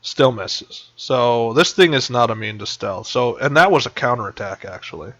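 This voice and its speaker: Male game master, bright, dry sound, rambles with fillers, dull voice-chat line. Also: medium pitch, lively intonation, normal speed, dry recording. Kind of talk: narrating a tabletop game. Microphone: voice chat headset.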